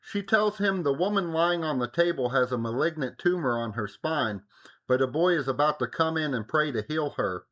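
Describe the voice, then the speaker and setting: A young adult man co-hosts a podcast, recapping an episode in casual chat and tossing in joking, playful asides as he summarizes the plot. His voice sits on the high side, with a fairly bright tone, animated delivery, and normal speed.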